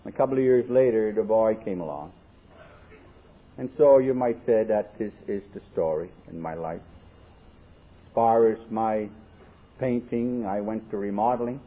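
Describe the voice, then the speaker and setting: A man's voice: fairly low pitch, measured pace, pauses often. A man speaking at a recovery convention, telling his life story with jokes and acting out the dialogue. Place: convention hall. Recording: tinny lo-fi 1979 tape, faint hiss.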